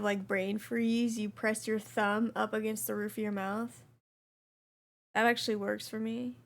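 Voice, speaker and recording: A young woman streamer chatting casually with her chat while she plays, reading messages aloud in a relaxed way. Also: medium pitch, unhurried, creaky.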